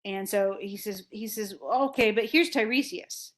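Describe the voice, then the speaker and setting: A woman's voice: mid-range voice, unhurried. A woman lecturing on a classic play, casually retelling scenes and acting out the characters' lines in everyday words. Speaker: literature instructor.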